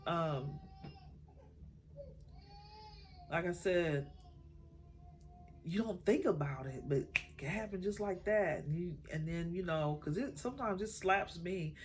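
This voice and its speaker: A middle-aged woman, a mother, talking from the heart about raising her children, halting often and getting tearful at times. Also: on the low side, animated, a little hiss or hum. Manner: emotional, halting, many fillers. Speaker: mother sharing her story. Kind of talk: heartfelt personal talk.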